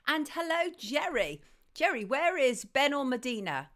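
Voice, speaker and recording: A woman hosting a live stream, greeting viewers and reading their messages in a chatty, affectionate way, her throat slightly hoarse. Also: high voice, very animated, unhurried, fairly bright tone. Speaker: host. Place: home studio in southwest London.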